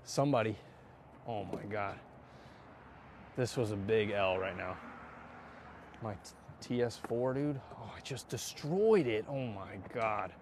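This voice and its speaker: A man chatting casually to viewers while hitting golf balls, excitable and self-mocking, swearing often and breaking into loud outbursts. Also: on the low side, unhurried, pauses often, slight background noise. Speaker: golf vlogger. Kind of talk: casual range-session chat to viewers.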